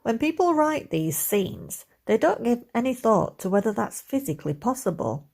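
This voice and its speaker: A woman's voice: a little high, big pitch swings, moderate pace, creaky, a little mellow, voice pushed up, exaggerated voice. A woman voicing a cheeky, flirtatious Scottish man who teases wryly. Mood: teasing.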